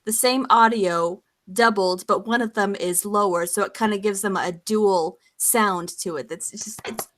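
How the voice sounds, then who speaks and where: A woman's voice: medium pitch, normal speed, few pauses, a bit bright. A woman who narrates audio stories, chatting casually and repeating words as she starts her sentences. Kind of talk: casual chat.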